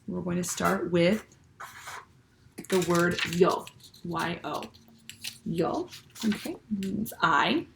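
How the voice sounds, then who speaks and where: A woman teacher walks young children through a lesson in a patient, clear voice. She pauses often to check that they follow. Her voice sits a little low. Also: a little hiss or hum. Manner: patient, slow and clear, with many "okay?" checks. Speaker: Spanish teacher.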